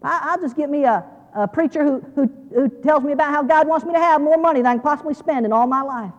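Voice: sits high, fast, lo-fi sound, pitched above the performer's own voice, natural voice. A preacher putting on the voice of a self-indulgent churchgoer who wants only comfort, speaking in a whiny, slightly raised tone. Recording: long reverb of a large hall.

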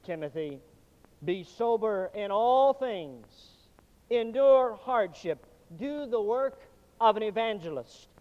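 A man preaching with a high-pitched voice, dramatic and sweeping from loud declarations down to near-hushed lines. The sound is dull and lo-fi, and his words ring out with the long reverb of a church sanctuary. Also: expressive, takes it slowly. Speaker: pastor. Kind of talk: sermon.

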